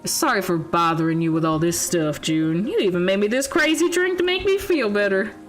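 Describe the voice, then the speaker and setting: A woman's voice: mid-range voice, expressive, brisk, soft background music, lightly acted. Woman putting on a jumpy young cop. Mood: earnest. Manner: earnest, nervous, chatty. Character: jittery young cop easily spooked. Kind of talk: voicing a visual novel character on stream.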